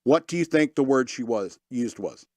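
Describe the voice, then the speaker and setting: A man hosts a casual talk radio show, reading stories aloud and breaking off for sarcastic asides. His voice sits at a middling pitch. The sound is dry and close to the mic, with no room around it. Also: lively intonation, moderate pace, darkish tone, no echo. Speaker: podcast host reading news.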